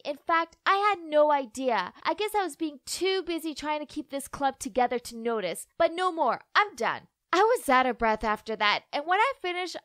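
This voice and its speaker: High-voiced, expressive woman narrator. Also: no room sound. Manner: expressive, dramatic. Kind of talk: animated story narration.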